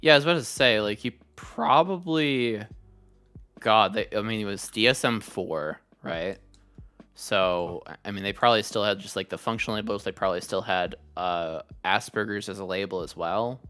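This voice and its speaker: A woman in her twenties hosting a casual live-streamed chat, playful and jokey with quick asides. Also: very deep voice, fairly bright tone. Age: 20s. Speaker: podcast host.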